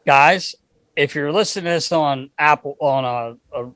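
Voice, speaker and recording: Middle-aged male co-host with a raised, lively voice; animated storyteller who cusses casually, dry close mic. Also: on the high side, moderate pace, no echo. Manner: lively, acts out voices, swears freely. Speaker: podcast co-host.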